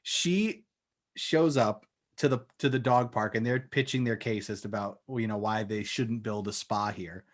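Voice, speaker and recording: A woman's voice: very deep voice, normal speed. A woman co-hosting a podcast, casually reviewing a movie and retelling scenes with lots of laughter. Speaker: podcast co-host.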